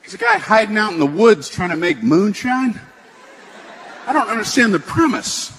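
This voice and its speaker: A man with a very high voice talks slowly and drags out his bits, then shouts his punchlines. A live crowd and background noise fill the recording behind him. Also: big pitch swings. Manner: slow drawl with shouted punchlines. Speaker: stand-up comedian. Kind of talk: stand-up comedy set.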